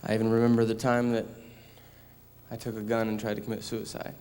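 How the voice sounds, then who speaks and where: A young man speaks solemnly about his past in a low, flat voice with little rise and fall. A long reverb hangs around every line, as in a large hall. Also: a little fast. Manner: plain, solemn recounting. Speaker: son giving a talk. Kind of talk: personal testimony talk.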